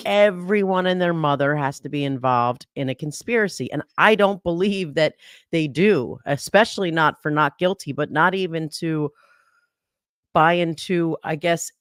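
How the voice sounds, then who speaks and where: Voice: mid-range voice, smooth, no room sound, studio quality. A guest commentator analyzing a trial in casual podcast talk, who often restarts sentences and laughs in disbelief.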